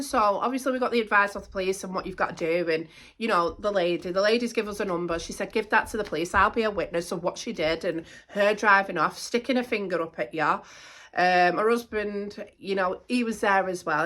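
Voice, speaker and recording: A middle-aged woman, talking casually to camera as a vlogger, animated and indignant, repeating herself. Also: mid-range voice.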